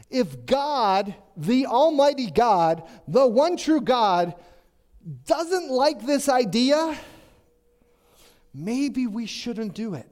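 A man with an extremely high, slightly mellow voice preaches slowly, with big swings in pitch. The sermon is conversational and chatty, full of joking asides and questions for the congregation.

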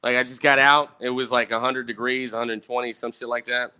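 A man's voice: mid-range voice, level tone, brisk, pushed and bright, clear, resonant tone. A young man telling rambling, profane stories to his viewers in a casual storytime, often tagging "right?" onto his sentences. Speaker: vlogger.

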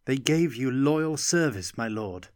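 An earnest young apprentice woman, pleading and quick to defend herself, as a male storyteller puts her on. Her voice sits noticeably higher than his own, in a dry, close audiobook recording. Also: lively intonation, no room sound, natural voice. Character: young female wizard's apprentice, earnest and defiant.

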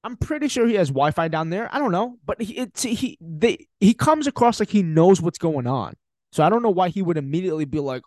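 A man's voice: high voice, big pitch swings, fairly quick, dry recording, studio quality. A man hosting a podcast, giving a casual, emphatic film review with frequent swearing and laughter. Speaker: podcast host.

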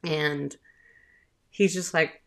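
A woman's voice: low voice, fairly even intonation, very slow. A woman in her thirties with a Southern US accent, a host and mother chatting casually in a rambling storytelling way. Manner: chatty, rambling, with filler words and laughs.

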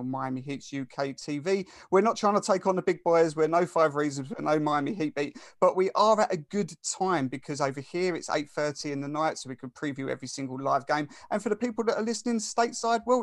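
A man's voice: fairly high pitch, no room sound, studio quality. A man with an Essex English accent, hosting a casual sports podcast in a chatty, friendly, self-deprecating way. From England. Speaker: podcast host.

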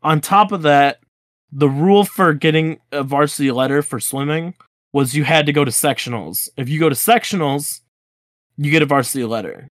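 This lively young podcast co-host spins a story in a casual chat, voicing the quoted lines like an animated storyteller. He sits on the high side and talks at normal speed. The recording is dry, with clean studio sound.

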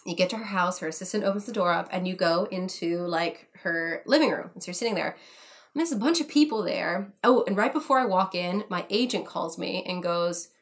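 A young American woman, an actor, telling a story in casual chat, animated and laughing often as she acts out quotes. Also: on the low side, fairly quick. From United States. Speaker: podcast guest, actor.

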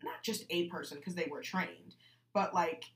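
A woman's voice: lowish voice, moderate pace, fairly bright tone. Musing woman podcaster, echoey bathroom. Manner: musing, lots of "like" fillers. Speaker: podcast co-host. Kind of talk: casual true-crime podcast chat.

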